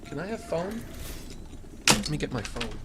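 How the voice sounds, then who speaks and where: A male game streamer rambling in a fairly high voice that swoops up and down. He chats with himself and his viewers and breaks into mock-indignant rants. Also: sing-song, moderate pace, very noisy. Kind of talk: casual live-stream chatter.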